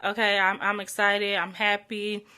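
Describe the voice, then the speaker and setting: A woman's voice: medium pitch, completely flat delivery, a little slow, sharp tone. A young adult woman hosting her own podcast, talking chattily and from the heart with lots of likes and ums. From North Carolina. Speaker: podcast host. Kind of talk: solo podcast monologue.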